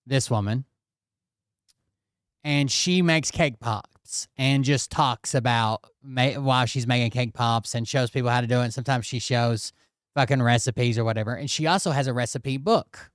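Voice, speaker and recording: A man's voice: medium pitch, moderate pace, dry recording, clean studio sound. A man ranting through casual commentary, swearing often and tagging his points with "okay?" and "blah, blah, blah.". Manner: profane, repeats "okay?" and "blah, blah, blah". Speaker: commentary channel host.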